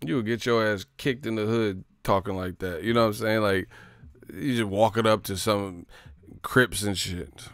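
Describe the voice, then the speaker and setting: A man's voice: on the low side, fairly even intonation, normal speed, no room sound. A man, a boxing vlogger, giving casual, joking commentary full of slang and profanity.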